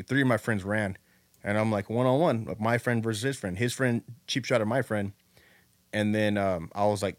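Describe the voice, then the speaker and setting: A man in casual podcast chat, telling a rough story with a lot of swearing and animated energy. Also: fairly low pitch, moderate pace, no echo.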